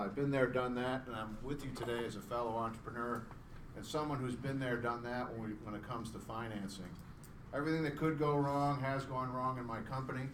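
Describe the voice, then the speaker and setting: Middle-aged man pitching in a roomy hall. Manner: chatty and self-deprecating, joking with the crowd. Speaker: startup founder presenting. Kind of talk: live pitch presentation to an audience. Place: event room with an audience. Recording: roomy sound from a distance, faint background hum.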